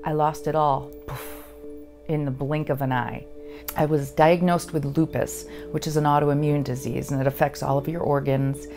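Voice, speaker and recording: A woman veteran giving a halting, earnest personal testimony. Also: sits low, flat delivery, music in the background. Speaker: veteran sharing her story.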